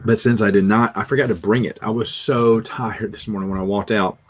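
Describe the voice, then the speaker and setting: A middle-aged livestream host with a Southern US accent rambles casually through stories and reads comments, often putting himself down. His lowish voice stays steady and runs a little fast.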